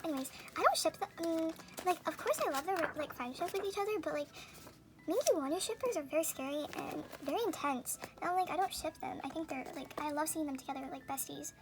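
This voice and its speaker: A young woman with a very high voice gushes through an unboxing. She chats in a loose, excitable way, full of gasps, squeals and fillers. The recording carries a clear hiss of noise underneath. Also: fast talker. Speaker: vlogger. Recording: noisy home recording.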